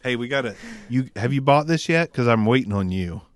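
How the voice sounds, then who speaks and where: A man's voice: medium pitch, brisk, dry recording. A man co-hosting a casual podcast, joking and swearing a lot as he tells stories. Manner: profane, joking, animated storytelling. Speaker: podcast co-host, mic reviewer. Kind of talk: casual chat.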